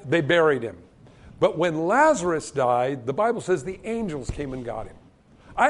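A man preaching a sermon as pastor, telling the stories with energy and acting out the voices of the people in them. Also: on the high side. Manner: animated storytelling, acting out quoted voices.

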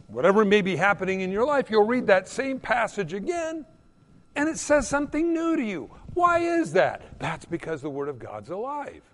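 Male preacher, high and very animated delivery, emphatic sermon in a reverberant sanctuary. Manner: emphatic, swinging between loud peaks and hushed drops.

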